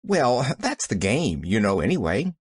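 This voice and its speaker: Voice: mid-range voice, very animated, measured pace, husky, no echo, clean studio sound. A reader voicing a cheerful, earnest little girl who chatters eagerly.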